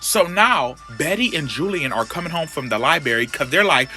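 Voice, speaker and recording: A man's voice: on the high side, expressive, normal speed, hardly any pauses, bright, forceful tone, faint music behind. A man recapping a comic in a sassy, slangy, casual way, often calling listeners honey.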